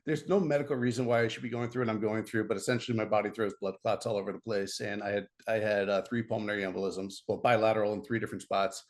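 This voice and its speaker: A middle-aged American man, a podcast guest, telling a story in a casual, animated way, often laughing and restarting his sentences. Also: fairly low pitch.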